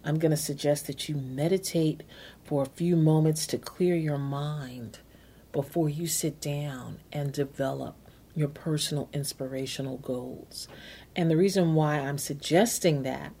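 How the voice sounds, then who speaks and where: A woman's voice: deep voice, measured pace, dark tone, slightly rough. A woman hosting a self-help podcast, coaching listeners step by step and repeating key phrases. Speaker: podcast host. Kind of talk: motivational self-help talk.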